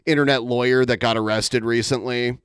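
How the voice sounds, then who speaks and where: A man's voice: mid-range voice, fairly even intonation, fairly quick, a bit bright, clear, resonant tone. A man hosting a podcast, giving wry commentary on played clips. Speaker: podcast host. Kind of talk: casual chat.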